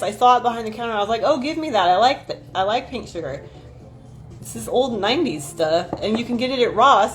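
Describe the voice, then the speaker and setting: Rambling, profane woman streamer. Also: on the high side. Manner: reacts to chat messages. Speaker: livestream host. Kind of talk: casual live chat with viewers.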